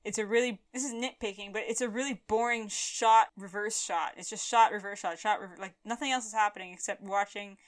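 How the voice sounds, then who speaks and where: A woman co-hosting a casual film review chat, blunt and sarcastic with lively asides. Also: medium pitch, a little fast, few pauses. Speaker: podcast co-host.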